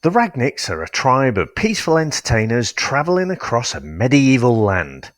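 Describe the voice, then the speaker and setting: Man, animated, laughs easily, close dry mic. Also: medium pitch, moderate pace, dry recording. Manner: laughs often, animated storytelling. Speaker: podcast co-host. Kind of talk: casual film review chat.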